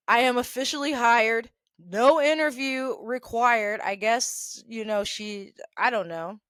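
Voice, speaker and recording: A woman's voice: on the high side, no room sound, clean studio sound. Chatty woman host spinning work stories. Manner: chatty and animated, acting out dialogue with quick asides. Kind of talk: casual storytelling.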